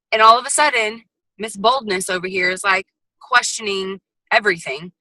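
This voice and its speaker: Woman guest trainer, bright and forceful, sassy motivational delivery, dry video-call sound. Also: medium pitch, moderate pace, no echo, poor audio. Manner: lively, sassy and chatty, with frequent asides. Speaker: guest speaker at a sales team training.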